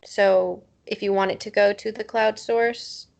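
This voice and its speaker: Gravelly-voiced woman asking a question. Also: mid-range voice, steady tone, unhurried, a little mellow, lo-fi sound.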